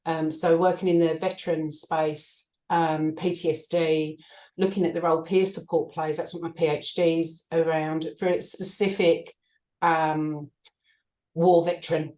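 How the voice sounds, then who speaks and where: A woman with a notably low voice describes her doctoral research over a video call. She speaks hesitantly and fills pauses often. Her room sounds echoey. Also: flat delivery, mellow. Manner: hesitant, with many fillers. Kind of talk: casual webinar discussion.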